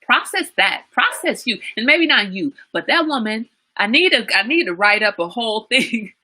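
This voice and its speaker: A woman's voice: on the high side, sing-song, normal speed, pushed and bright. A woman hosting a live-streamed talk show, chatting casually with viewers, reading out their comments and laughing often. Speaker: livestream talk show host.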